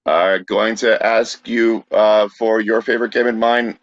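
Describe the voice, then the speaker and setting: A man's voice: lowish voice, little pitch movement, unhurried, no room sound. A man co-hosting a podcast from Brooklyn, with a dry, teasing manner and plenty of fillers. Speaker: podcast co-host. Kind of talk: casual podcast banter and sign-off. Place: Brooklyn, New York. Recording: dry, dull lo-fi sound.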